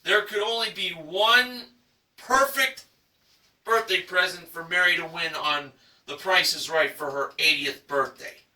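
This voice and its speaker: A man's voice: high voice, measured pace, pushed and bright, echoey room, distant mic, rough recording. A man recapping a game show episode in enthusiastic narration, stretching out dramatic price reveals.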